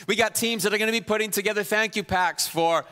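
Energetic pastor in a bright, reverberant hall. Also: male voice, sits high, quick pace. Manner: energetic, exhorting the crowd. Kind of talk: sermon announcements. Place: church auditorium. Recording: long reverb in a large hall.

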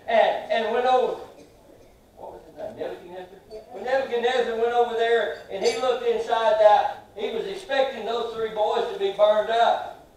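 Pastor preaching in an echoey sanctuary. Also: male voice, high voice, far from the mic, slight background noise. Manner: swings from loud, drawn-out shouts to soft asides; asks the congregation questions and has them repeat after him. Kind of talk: sermon. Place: large church sanctuary. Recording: very echoey hall, heard from afar.

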